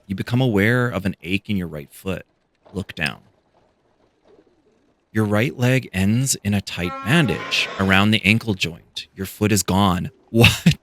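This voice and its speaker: Male gamer, deep voice, slow and casual, thinking aloud while reading the game text. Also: a bit bright, dry recording.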